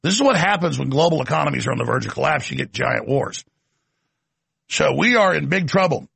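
Gravelly, emphatic male talk host. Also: fairly high pitch, animated, a little fast, fairly bright tone, no echo. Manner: emphatic, ranting, sardonic asides. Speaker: political talk show host. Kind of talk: talk show monologue.

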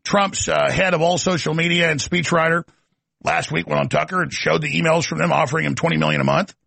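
A man's voice: on the high side, fairly even intonation, quick pace, vocal fry, a bit bright, husky, dry recording. A man hosting a political talk show, delivering an emphatic, ranting monologue with sardonic asides.

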